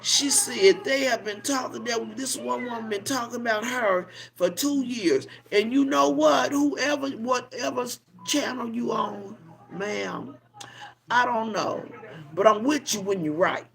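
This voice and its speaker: Older grandmother, livestream host, slow, preachy scolding, gravelly fry. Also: on the high side, a bit bright. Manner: preachy, scolding, drawn-out emphasis. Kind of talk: casual livestream commentary.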